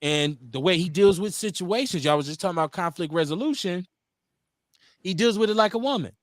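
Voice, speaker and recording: Animated middle-aged male radio host. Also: high voice, brisk, dry recording, clean studio sound. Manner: animated storytelling, acts out quotes. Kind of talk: casual radio talk.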